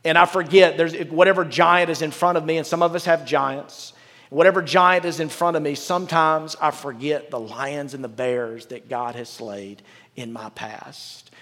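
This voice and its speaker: A man's voice: a little high, steady tone, normal speed, a bit bright, in a large hall. A pastor preaching a sermon. He reads scripture aloud and breaks off into candid, joking asides. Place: large church with a balcony.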